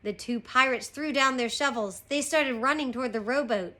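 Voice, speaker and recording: A woman teacher reading a chapter book aloud to her class, slow and expressive. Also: high voice. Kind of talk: storybook read-aloud.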